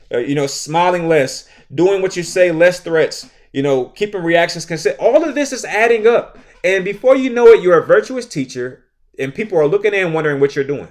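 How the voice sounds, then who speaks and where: A man with a slightly raised voice talks through his classroom advice on a podcast. He hammers points home by repeating them and keeps asking "all right?" to keep the listener with him. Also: high voice. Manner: acts out his own classroom lines. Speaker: teacher hosting a podcast.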